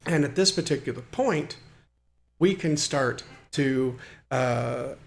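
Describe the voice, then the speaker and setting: Gravelly man explaining software. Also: medium pitch, slow pace, a little hiss or hum. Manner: explanatory, with frequent fillers and restarts. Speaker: hobbyist programmer demonstrating software. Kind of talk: screen-recorded tutorial walkthrough.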